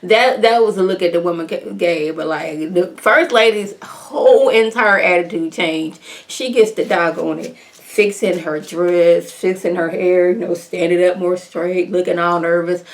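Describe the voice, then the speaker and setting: A woman giving a casual, animated, exclamatory retelling of a TV episode as a recap vlogger. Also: fairly low pitch, a little slow.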